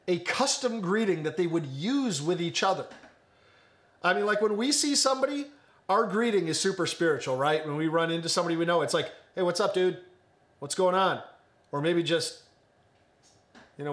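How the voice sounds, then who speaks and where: A man's voice: on the high side, fairly bright tone. A young man preaching an earnest online sermon, building emphasis through repetition. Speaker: pastor.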